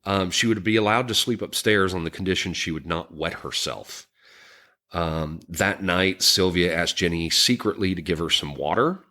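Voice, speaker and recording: A man co-hosting a podcast, recounting a true crime story in a somber, halting way, with frequent ums and restarts. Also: low-pitched, sharp tone. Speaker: podcast co-host.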